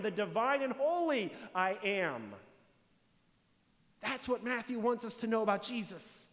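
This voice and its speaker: A man's voice: high voice, animated, measured pace, a bit bright, long reverb tail. A man preaching a sermon as pastor, explaining scripture emphatically and posing rhetorical questions. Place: church sanctuary.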